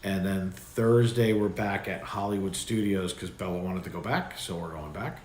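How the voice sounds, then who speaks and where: A man's voice: low-pitched, normal speed, a little mellow. A man hosting a livestream, chatting casually and rambling with loose restarts. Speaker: livestream host. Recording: echoey room with faint background noise.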